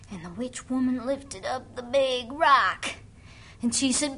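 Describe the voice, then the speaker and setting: A woman's voice: high-pitched, slow pace, bright, forceful tone. A woman telling a folk tale dramatically, dropping to whispers for suspense. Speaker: storyteller.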